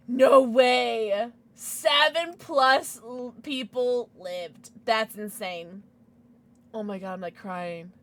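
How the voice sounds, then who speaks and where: A young woman streaming a game to her chat, giggling a lot and shrieking with excitement. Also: fairly high pitch, very slow. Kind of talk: livestream game commentary.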